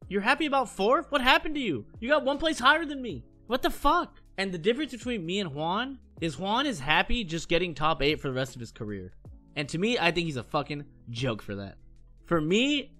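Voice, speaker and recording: A man's voice: a little high, sharp tone. A man in his thirties ranting heatedly in casual chat on his stream, swearing often and restarting his sentences. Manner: heated, profane, fast rambling with many restarts.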